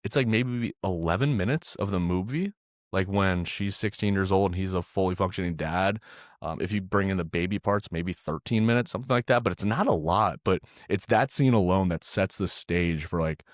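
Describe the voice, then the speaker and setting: A man's voice: sits low, normal speed, dry recording, clean studio sound. A man co-hosting a podcast, reviewing a film in casual, profane chat and saying "dude" often. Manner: loose and profane, says "dude" a lot. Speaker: podcast co-host.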